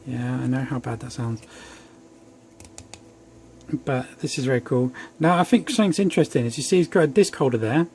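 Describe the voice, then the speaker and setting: A young man chats casually at home while reviewing an action figure, rambling and making self-deprecating asides. He has a medium-pitched, slightly mellow, breathy voice at normal speed, pausing often, with faint background noise.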